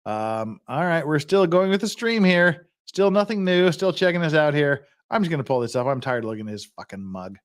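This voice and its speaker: A man's voice: fairly high pitch, big pitch swings, fairly quick, few pauses. A man hosting a casual livestream, swearing a lot and rambling while he drinks and gets tipsy. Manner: profane, rambling, mocking. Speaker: livestream host.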